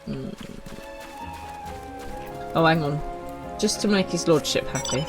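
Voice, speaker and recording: A woman's voice: low-pitched, slow, music in the background, poor audio. A woman, chatting casually while streaming a game, full of self-mocking asides. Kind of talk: live game streaming chat.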